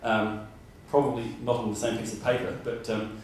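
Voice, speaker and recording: A man's voice: on the low side, flat delivery, moderate pace, a little mellow, slight background noise. A man giving a conference presentation, rambling with many fillers and restarts. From Australia. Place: conference room. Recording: roomy hall from far off.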